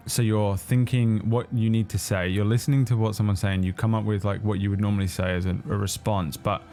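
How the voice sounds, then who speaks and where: A man's voice: lowish voice, little pitch movement, fairly quick, dark tone, soft background music. A man chatting after a tabletop game, explaining at length and laughing easily. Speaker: player. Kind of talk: post-game chat.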